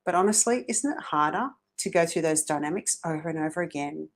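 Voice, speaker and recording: A woman's voice: low-pitched, animated, fairly quick. Earnest woman coaching on feelings. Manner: earnest, coaching, asks rhetorical questions. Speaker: self-help host. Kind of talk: motivational talk to camera.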